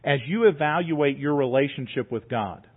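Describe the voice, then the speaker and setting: A man preaching a sermon in a church, his voice somewhat high for a man. He talks earnestly and builds emphasis through repeated words. The sound is thin and tinny, as if heard over a phone line. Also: animated, moderate pace. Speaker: pastor.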